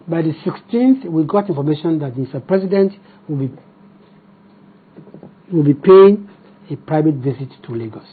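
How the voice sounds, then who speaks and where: A Nigerian-accented man answers a TV interviewer as party spokesman. His voice is husky and sits a little high. He argues combatively and fires off rhetorical questions, heard through thin, phone-like broadcast audio. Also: animated, normal speed, long pauses.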